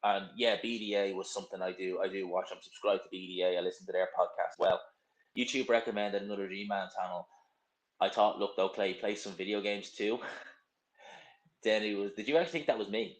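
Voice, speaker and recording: A young man with a slightly low voice talks casually on a live stream, answering viewer comments. He is blunt and opinionated, and he drifts from point to point. The sound has a roomy echo. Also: fairly even intonation, brisk. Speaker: livestream host.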